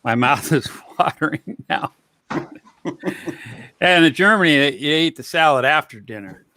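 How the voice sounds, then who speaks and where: A man's voice: fairly high pitch, animated, a little slow, pushed and bright, dry recording. A man co-hosting a live stream in easygoing casual chat, agreeing often and chiming in with "yeah, yeah.".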